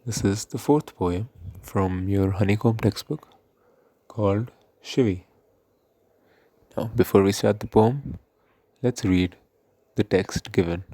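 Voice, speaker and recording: A male teacher with an Indian English accent, explaining a poem in an online English lesson in a slow, careful way. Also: fairly low pitch, dark tone, no echo. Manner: slow, explanatory, reads poem lines aloud.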